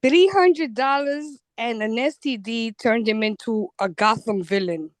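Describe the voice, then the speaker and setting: An animated woman co-hosting a podcast, her voice sitting a little high as she laughs often and stumbles over restarts. The sound is dry and close to the mic. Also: measured pace, no room sound. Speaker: podcast co-host. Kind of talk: casual chat.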